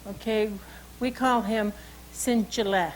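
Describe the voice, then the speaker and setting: A woman's voice: medium pitch, steady tone, takes it slowly, low-quality recording. A woman with a Salish accent, telling a traditional story and teaching animal names in a loose, informal way, often saying "you know" and "okay.". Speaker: cultural educator.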